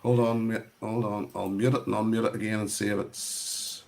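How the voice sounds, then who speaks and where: A man's voice: lowish voice, level tone, normal speed, creaky. Rambling Northern Irish man hosting. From Northern Ireland. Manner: rambling, laughs often, swears casually. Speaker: host of online whisky tasting. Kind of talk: casual video-call chat. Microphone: video call.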